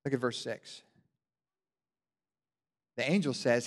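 A man preaching in a church hall, his slightly high voice carried by a long reverb. He tells the story with animated energy and swells into loud, passionate emphasis. Sermon delivery to a congregation. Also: normal speed, long pauses. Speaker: pastor.

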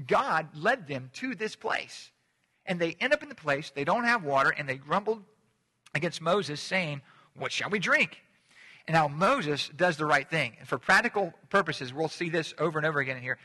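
A man's voice: on the high side, lively intonation, normal speed, pushed and bright. A man preaching a sermon as a pastor, in a conversational manner, often restarting and repeating words. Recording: long hall reverb.

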